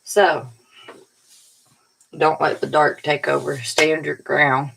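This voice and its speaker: A woman's voice: deep voice, little pitch movement, takes it slowly, creaky, background noise. A woman tarot reader giving a casual, rambling spiritual pep talk in a colloquial way, sounding tired. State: tired, yawning.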